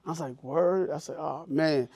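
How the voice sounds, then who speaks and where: His voice runs on the high side with vocal fry, a darkish tone, and a breathy edge, at a normal speed, in a dry, clean studio recording. As a podcast co-host he chats casually, telling loose tales and performing the quoted voices.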